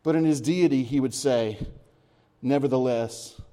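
Man, pastor, sermon, fairly high voice, dynamic delivery, hushed emphasis, occasional chuckles. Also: lively intonation, unhurried. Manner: chuckles between points.

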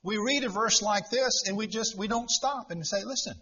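A man teaching through a Bible passage in a sermon, deliberate and emphatic, repeating his key points. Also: sits high, pushed and bright. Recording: dull lo-fi recording.

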